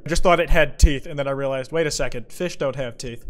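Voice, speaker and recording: A man's voice: mid-range voice, quick pace, hardly any pauses. A man giving joking, profane gaming commentary, reacting jumpily as he plays. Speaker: streamer.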